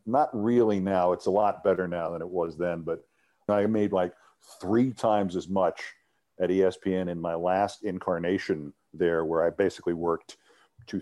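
A middle-aged man tells an interview story in a fairly low, mellow voice. He talks in an animated way and often stumbles and restarts as he goes. He is a former sports TV host sitting as a guest. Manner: animated anecdote teller with frequent restarts.

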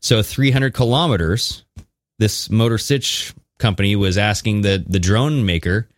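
Lower-voiced man, dry close mic. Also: measured pace, no echo. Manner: animated, conspiratorial, mixes reading with jokes. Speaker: podcast co-host. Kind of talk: casual chat.

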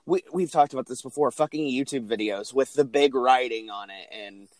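A man's voice: medium pitch, normal speed, dry recording. Fired-up swearing male podcast host. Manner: ranting, heavy swearing. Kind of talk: casual chat.

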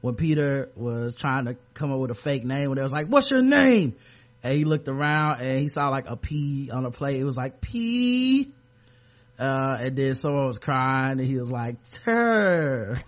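A man's voice: medium pitch, flat delivery, fairly quick, hardly any pauses. Sarcastic man hosting a podcast. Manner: sarcastic, joking, loose and rambling. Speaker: podcast host. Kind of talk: casual comedic podcast chat.

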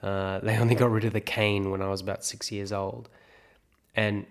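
A man from South Africa talks through his thoughts in a reflective podcast monologue, asking himself questions and answering them. His voice sits low and has a gravelly, creaky edge. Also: level tone, normal speed. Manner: thinks aloud, talking himself through questions. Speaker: actor and podcast host.

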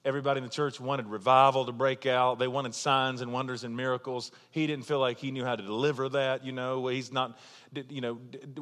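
A man's voice: mid-range voice, fairly bright tone. Chatty male pastor in a reverberant hall. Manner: conversational storytelling, laughing at his own jokes. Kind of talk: sermon.

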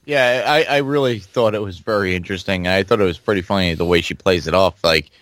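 A man co-hosting a podcast, chatting in a relaxed, agreeable way. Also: deep voice, fairly quick, no room sound. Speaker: podcast co-host. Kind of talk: casual chat.

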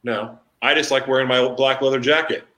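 A man hosting a casual chat, telling candid stories in an animated way. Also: medium pitch, fairly quick, reverberant.

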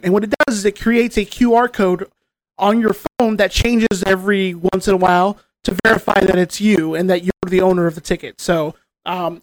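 A man's voice: sits high, dry recording. A man hosting a casual podcast, venting with sarcasm and casual swearing. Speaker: podcast host.

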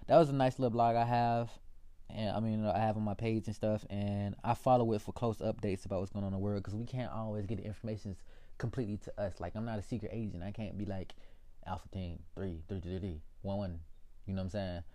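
A man's voice: lowish voice, steady tone, quick pace, dark tone. A young man ranting casually to his viewers, profane and rambling, calling them y'all. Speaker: political vlogger.

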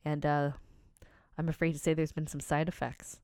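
A woman voicing a worried, gossiping middle-aged small-town wife who speaks in a hushed, confiding way. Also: low-pitched, level tone, normal speed, clean tone, dry recording, studio quality, pitched below the performer's own voice.

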